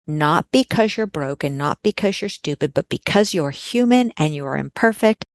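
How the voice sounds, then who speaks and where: Low-voiced woman with a gravelly edge. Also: animated, moderate pace, no room sound. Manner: earnest, emphatic, repeats key words for stress. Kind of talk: podcast conversation.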